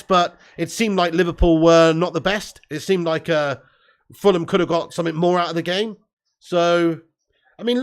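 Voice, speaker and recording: A man's voice: on the high side, creaky. A man hosting a live football watch-along, reading viewer chat aloud and commentating with lots of swearing and laughter. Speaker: host.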